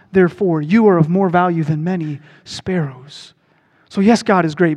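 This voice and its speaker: A man preaching a sermon as pastor, swinging between loud proclaiming and quiet earnest stretches. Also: high-pitched, long reverb tail.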